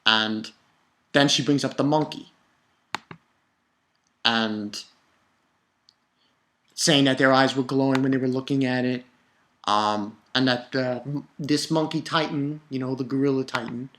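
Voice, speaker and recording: A man's voice: mid-range voice, fairly even intonation, a little slow, long pauses, a bit bright, slight background noise. A young man giving a casual, rambling review rant, heated and full of swearing. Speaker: manga reviewer.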